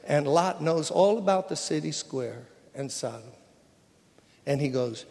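A man with a high voice preaches in a casual storytelling manner, slipping into the voices of the people he describes. He is in a large church hall, and his voice rings with a long reverb. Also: expressive, a little slow, vocal fry, a little mellow, slightly rough. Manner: conversational storytelling, acts out dialogue. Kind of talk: sermon.

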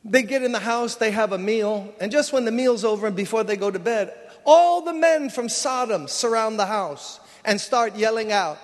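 A man with a high voice preaches in a casual storytelling manner, slipping into the voices of the people he describes. He is in a large church hall, and his voice rings with a long reverb. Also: moderate pace. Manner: conversational storytelling, acts out dialogue. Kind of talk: sermon.

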